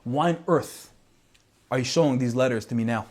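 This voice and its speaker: A man's voice: medium pitch, normal speed, darkish tone, natural voice. A man voicing a distraught young yeshiva student who pleads in confusion. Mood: pleading.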